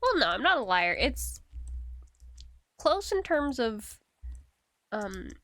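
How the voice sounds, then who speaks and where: Young woman streamer, giggly and teasing, slow unhurried delivery, bouncy pitch, fairly high voice. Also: sing-song, fairly bright tone, no echo. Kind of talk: casual live-stream chat with viewers.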